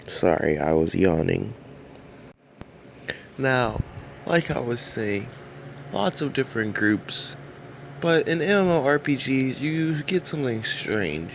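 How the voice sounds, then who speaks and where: A man's voice: mid-range voice, sing-song, slow, creaky, long pauses, slight background noise. A man giving casual, rambling commentary over game footage in a dry, drowsy way. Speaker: gaming video creator.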